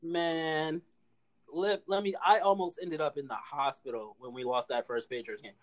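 A man, co-hosting a casual sports chat, animated and full of restarts. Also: a little high. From Philadelphia area. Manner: animated, talks fast with repeated restarts. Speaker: podcast co-host.

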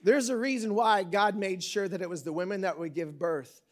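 A middle-aged preacher with a drawl and a notably high-pitched voice. He keeps his sermon casual and jokey, then suddenly swings into loud bursts before dropping back down. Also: normal speed. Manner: conversational and joking, with big dynamic swings. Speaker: pastor.

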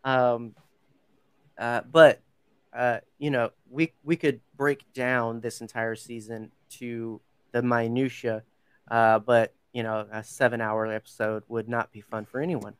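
Chatty male podcast host, smooth dry voice. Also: medium pitch, flat delivery, a little slow, no echo. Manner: chatty, full of fillers and self-corrections. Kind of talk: casual podcast chat.

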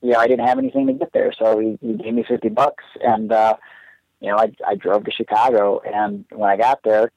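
A man's voice: on the low side, level tone, brisk, darkish tone, no echo. Earnest man rambling through a story. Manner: earnest, rambling, heavy use of "like". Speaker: guest wrestler. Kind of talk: casual storytelling. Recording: dull, dry lo-fi sound.

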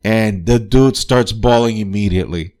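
A man's voice: on the low side, normal speed, a little mellow. A man hosting a podcast and reviewing a film in loose, profane chat, full of fillers and restarts. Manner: laughs often, enthusiastic. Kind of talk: casual spoken review.

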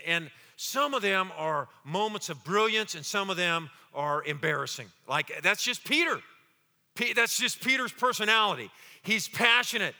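A fiery male pastor preaching in a big hall, his bright, high-pitched voice trailing long reverb. He swings from booming exclamations to hushed, slow passages, repeating words as he drives his points home and acts out the quotes. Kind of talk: sermon.

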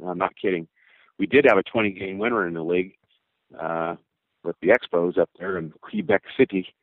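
An older man with a low voice tells rambling stories from his playing days, full of fillers and acted-out quotes. The sound is dry and tinny, like a phone line. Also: fairly quick, dry recording. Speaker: former baseball pitcher. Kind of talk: storytelling interview answers.

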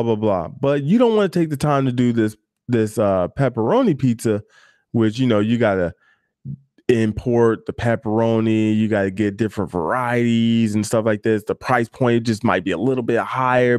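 A man's voice: medium pitch, darkish tone, no echo. Barber guy talking straight to you, loose and candid, lots of "like" and "you know", dry close sound. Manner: loose and candid, with fillers and asides. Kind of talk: casual advice talk to camera.

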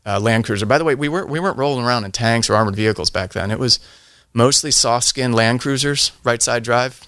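A man's voice: mid-range voice, quick pace, fairly bright tone, no echo, clean studio sound. A middle-aged man, a veteran guest on a podcast, telling a long story in a rambling way, often restarting his sentences and laughing. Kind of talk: casual storytelling.

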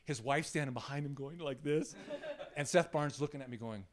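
A man's voice: medium pitch, fairly quick. A man preaching an informal sermon in a small room, telling stories with laughter and frequent "right?" asides to his listeners. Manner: animated, laughing, frequent "right?" tag questions. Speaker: pastor. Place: small room in a church setting.

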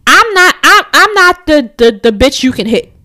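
A woman chatting casually, blunt and profane, telling animated stories with frequent restarts. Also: high-pitched, moderate pace. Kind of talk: casual chat.

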